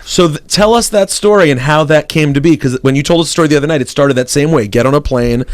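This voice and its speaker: A man with a mid-pitched voice hosts a radio show, chatting casually and steering the guest toward the story. The sound is close and dry. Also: fast talker, no echo. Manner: prompting, conversational. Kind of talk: casual chat. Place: radio studio.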